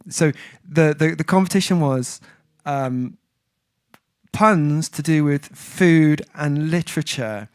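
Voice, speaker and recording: A man's voice: fairly high pitch, slow pace, darkish tone, smooth, no room sound, clean studio sound. A man hosting a music livestream, chatting casually and reading viewer comments. He rambles, breaks off and restarts as he tells a story. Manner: rambling, self-interrupting storyteller.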